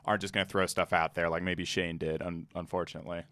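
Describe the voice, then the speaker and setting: A man's voice: deep voice, little pitch movement, quick pace, sharp tone, no room sound. A man hosting a podcast, chatting casually in an easygoing, agreeable way. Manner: easygoing, agreeable, laughs often. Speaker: podcast host. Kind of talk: casual chat.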